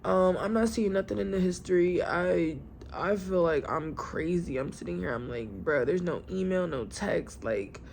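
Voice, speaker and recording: A woman's voice: on the low side, normal speed, gravelly, darkish tone, a little hiss or hum. A young woman chatting casually at home in a vlog, rambling and venting in loose slang. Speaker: vlogger.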